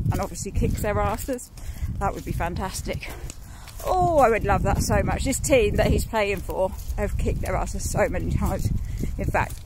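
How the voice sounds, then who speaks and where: A British woman in her thirties, a mother, chatting and rambling to her phone while out walking in the countryside, laughing often. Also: mid-range voice. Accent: British English. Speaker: vlogger. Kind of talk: casual chat. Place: outdoors on a rainy country walk. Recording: loud wind and rain noise outdoors.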